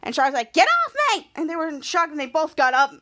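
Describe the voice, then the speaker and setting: A woman hosting a podcast, recapping a TV episode in a rambling, repetitive way and loudly acting out the quotes. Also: high-pitched, fairly even intonation, fast. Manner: rambling, repeats herself, acts out quotes loudly. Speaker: podcast host.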